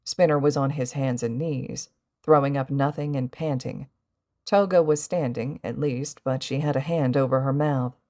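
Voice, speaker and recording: A woman narrates a fan fiction story aloud in an audiobook style. Her low voice keeps a steady, even pace. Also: moderate pace. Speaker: podfic reader.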